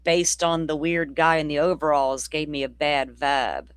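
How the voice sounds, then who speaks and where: This is a true crime host, riffing loosely to viewers in a livestream chat. The talk is blunt and sardonic, with swearing and tangents. The voice sits mid-pitched and sounds dry and close. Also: steady tone, measured pace, clean tone, dry recording. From Florida, near the Alabama state line. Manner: chatty, loose, rambling. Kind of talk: casual livestream commentary.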